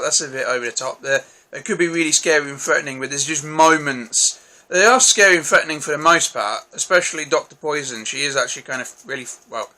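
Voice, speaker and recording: Bright-voiced man rambling a review. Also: a little high. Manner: rambling, hesitant, many restarts and self-corrections. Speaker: film reviewer, channel host. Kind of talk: casual solo film review.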